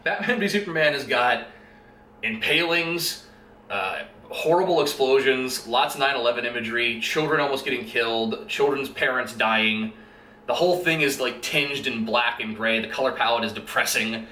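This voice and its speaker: A man's voice: mid-range voice, moderate pace, pushed and bright, a little hiss or hum. A man giving a casual, rant-style movie review in an exasperated, profane and sarcastic way. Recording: roomy echo.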